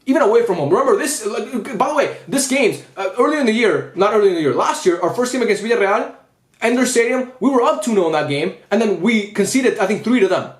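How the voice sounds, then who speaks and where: Fast-talking frustrated young man ranting. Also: high voice, expressive, roomy sound. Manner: frustrated, repetitive, swearing. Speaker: football fan vlogger. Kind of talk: post-match rant.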